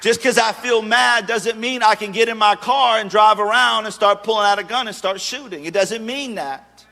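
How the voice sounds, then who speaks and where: A man in his thirties preaches with a high, bright, forceful voice. His delivery is casual and joking, with quick acted asides, and it rings out with a long reverb of a large church hall. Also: creaky, some chatter behind. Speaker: pastor. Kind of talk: sermon.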